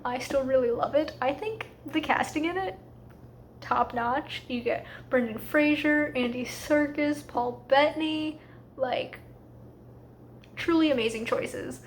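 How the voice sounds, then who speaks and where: A woman talking casually in a reading vlog, chatty and a little rushed, with lots of fillers. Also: sits high, slight background noise. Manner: quick, slightly rushed asides. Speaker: book vlogger.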